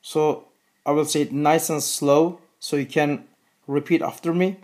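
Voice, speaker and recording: A man with a Turkish accent, a native Turkish speaker, talking earnestly to the camera in a video, repeating his phrases slowly and deliberately. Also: a little high, steady tone, a little mellow. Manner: earnest, repetitive, slow and deliberate. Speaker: video host. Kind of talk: religious appeal to camera.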